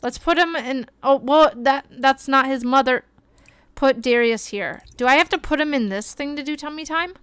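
A young woman streaming a game, chatting excitably and gasping as she plays. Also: high-pitched, normal speed, dry recording. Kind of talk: casual gameplay commentary.

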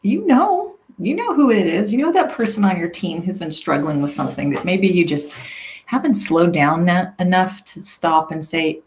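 A woman's voice: on the low side, animated, normal speed. A woman coach talking to her viewers in a reflective, conversational way, often asking them questions and checking in with "right?". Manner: conversational, reflective, asks the listener questions, many "right?" tags. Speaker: leadership and career coach. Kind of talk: solo talk to camera.

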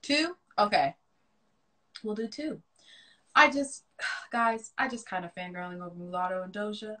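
A woman's voice: medium pitch, moderate pace, sharp tone. A woman co-hosting a casual livestream chat, gushing enthusiastically and talking straight to her viewers on a phone mic. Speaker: livestream co-host.

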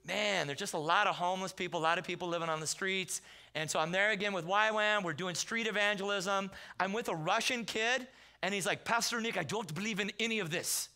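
A man preaching a sermon in a Southern California accent. He tells stories in a loose, conversational way and acts out the quotes in loud bursts. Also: sits high, brisk. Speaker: pastor. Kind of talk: sermon with storytelling. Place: church sanctuary.

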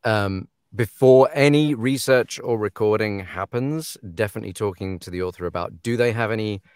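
An audiobook narrator talks in an easy, animated way, laughing as he goes. His voice sits on the low side, and the sound is dry and close with no room echo. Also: moderate pace, clean tone. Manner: animated, laughing, acts out quoted authors. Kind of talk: casual podcast chat.

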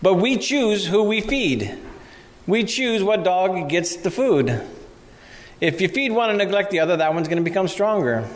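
A male pastor giving a conversational sermon in a church and reading scripture aloud. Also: a little high. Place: church sanctuary. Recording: reverberant church hall.

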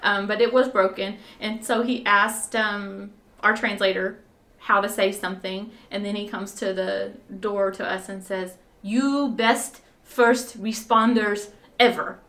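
A woman's voice: mid-range voice, flat delivery, a little slow, few pauses, bright, forceful tone. A woman volunteer telling a story in conversation, rambling with fillers and restarts and often breaking into laughter.

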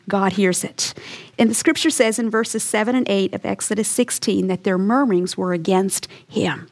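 A woman teaching a Bible lesson in an earnest, emphatic storytelling way, acting out short quotes as she goes. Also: medium pitch. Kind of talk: teaching sermon.

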